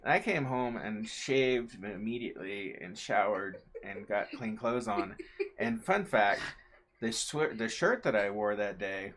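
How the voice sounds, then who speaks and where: A man's voice: on the low side, animated, a little slow, a bit bright, a little hiss or hum. A man telling a long, casual story on a livestream, full of fillers and asides. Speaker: co-host, husband of the host.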